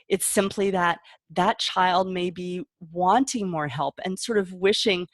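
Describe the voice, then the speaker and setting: Middle-aged woman, parent coach, lowish voice, dry close sound, chatty and laughing. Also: unhurried, hardly any pauses, dry recording. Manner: warm chatty explaining, acts out kid voices, laughs often. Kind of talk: casual advice talk.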